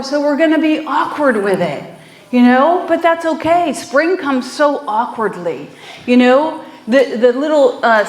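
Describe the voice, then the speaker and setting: A woman minister giving a conversational sermon, telling stories with frequent fillers and easy laughter. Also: high-pitched. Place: small church hall. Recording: echoey room.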